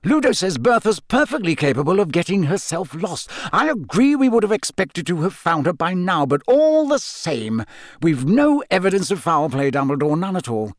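A man's voice: high voice, sing-song, moderate pace, no room sound, studio quality, voice pushed up. A man voicing a flustered, pompous government minister who talks in a raised, indignant way.

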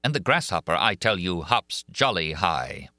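A man voicing a cold, deliberate masked phantom who taunts calmly. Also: low-pitched, no echo, clean studio sound, heavily acted. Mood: coldly menacing.

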